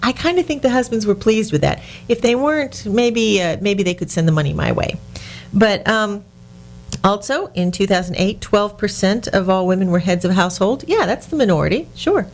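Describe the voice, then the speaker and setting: A woman's voice: medium pitch, animated, normal speed. A woman hosting a business radio talk show, indignant and sarcastic, with frequent restarts.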